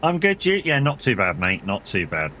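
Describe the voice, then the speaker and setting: A man's voice: medium pitch, wildly swooping pitch, normal speed, sharp tone, a little hiss or hum. A middle-aged man, chatting casually and rambling as he streams a driving game, swearing and laughing often. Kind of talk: casual chat while gaming.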